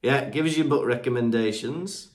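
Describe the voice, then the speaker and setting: A man's voice: medium pitch, moderate pace. A man from Britain co-hosting a podcast, chatting casually and reading out listener reviews, joking and stumbling over names. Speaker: podcast co-host.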